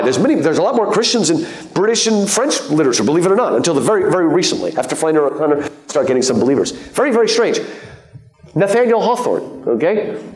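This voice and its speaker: A man giving a live lecture to an audience, lively and joking, with many fillers and asides. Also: on the high side. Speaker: guest lecturer. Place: lecture hall. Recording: echoey lecture hall.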